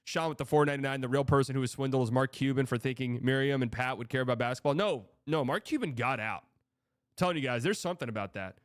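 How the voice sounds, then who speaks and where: A fast-talking young man with a mid-range voice hosts a casual sports stream, reading donations out loud and going off on exasperated, profane rambles. It's a clean, echo-free studio recording.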